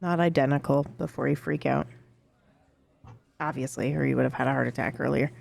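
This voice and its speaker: A woman running a tabletop game as game master, excitable and swearing freely. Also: very deep voice, brisk, vocal fry.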